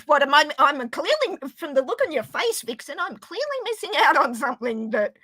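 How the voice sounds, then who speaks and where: High, bright Australian woman chatting. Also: sing-song. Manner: chatty, quick to joke and apologise. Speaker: stream guest. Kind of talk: casual chat.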